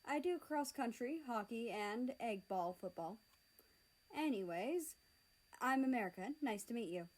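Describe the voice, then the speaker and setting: A woman's voice: a little high, animated, a little slow, poor audio. Cocky teasing teen boy, class president type, woman reading him.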